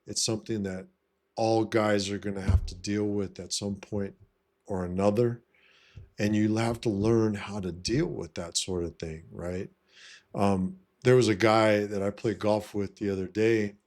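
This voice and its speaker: Fairly low in pitch, with a steady, darkish tone and a measured pace, this vlogger gives life advice straight to camera. His casual monologue is blunt, swaggering and full of profanity, peppered with "you know what I mean".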